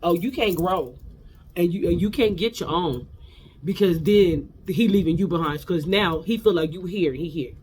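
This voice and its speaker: A woman's voice: on the low side, normal speed, a little mellow, a little hiss or hum. A woman hosting a casual reality TV recap. She talks bluntly and fierily, with slang and lots of repetition.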